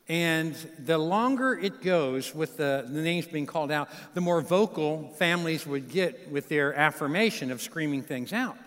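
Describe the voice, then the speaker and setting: A man in his fifties, a guest pastor preaching and telling a folksy story to a church congregation. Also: a little high. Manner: folksy, warm storytelling with audience asides. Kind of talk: sermon with storytelling. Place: large church sanctuary. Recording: live church hall reverb.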